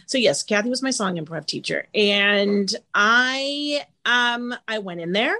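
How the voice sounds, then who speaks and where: A middle-aged woman guest talks through her stories with animated energy. Her voice sits in a middle pitch and keeps bouncing as she builds each anecdote. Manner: animated, quick storytelling with lively vocal swings. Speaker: guest actress. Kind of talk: casual interview storytelling.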